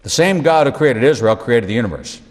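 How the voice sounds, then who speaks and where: Speaking a little fast in a medium-pitched male voice, a rabbi gives an animated, sermon-like Bible lesson. He repeats phrases to drive points home and adds humorous asides, and the audio has a long reverb tail.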